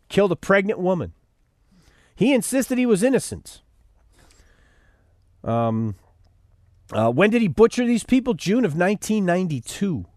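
Fiery high-pitched male commentator. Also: no room sound, studio quality. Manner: sarcastic, preachy, rising to fiery outbursts. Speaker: radio host. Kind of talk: opinionated news commentary.

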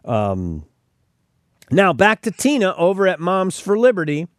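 A man's voice: sits high, wildly swooping pitch, unhurried, dry recording, clean studio sound. A man hosting a podcast, delivering emphatic opinionated commentary and often repeating words as he starts sentences. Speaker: podcast host.

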